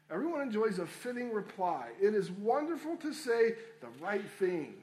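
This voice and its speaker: A man's voice: sits high, animated, moderate pace, hardly any pauses, darkish tone. A man preaching a sermon, addressing listeners as friends and repeating key phrases for emphasis. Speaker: pastor.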